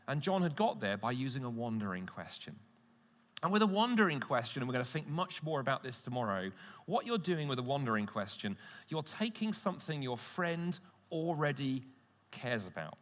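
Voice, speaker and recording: A man's voice: on the high side, brisk. A man giving a teaching talk to a Christian audience, telling stories and asking rhetorical questions. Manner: lively storytelling with rhetorical questions. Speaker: conference speaker. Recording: long hall reverb.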